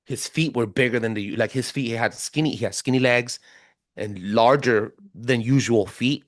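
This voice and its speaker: A man telling a story as a podcast guest in a casual, animated way, full of slang. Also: medium pitch, normal speed, dry recording, clean studio sound. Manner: animated, slangy, keeps saying bro.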